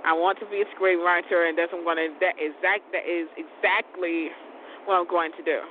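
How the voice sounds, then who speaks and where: Brisk and fairly even in intonation, this man hosts his own show as a loose, meandering conversation. He laughs frequently and swears mildly, over tinny, phone-quality sound with a vehicle rumbling in the background.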